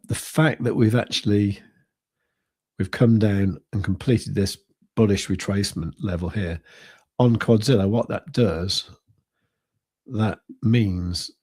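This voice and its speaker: A man's voice: fairly low pitch, a little mellow, slightly rough. A British man hosting a trading livestream, talking casually over charts and thinking aloud with lots of fillers. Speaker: crypto trading livestream host. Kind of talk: casual live-stream chart commentary.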